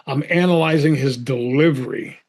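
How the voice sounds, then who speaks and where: A middle-aged Boston man, an actor appearing as an interview guest, tells a story at a moderate pace in a mid-range voice. He acts out both sides of phone calls and stammers when he gets excited.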